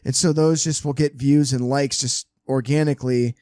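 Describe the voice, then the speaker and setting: A man's voice: medium pitch, normal speed, dry recording. A man co-hosting a casual podcast, telling rambling, profane stories. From California. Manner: rambling, profane, animated storyteller. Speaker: podcast co-host. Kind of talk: casual chat.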